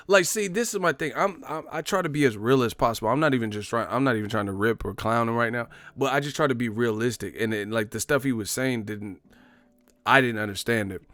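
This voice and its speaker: Man, casual boxing talk, animated storyteller, dry close sound. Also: medium pitch, no room sound. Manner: animated storytelling, acts out quotes, laughs often. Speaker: boxing commentary host.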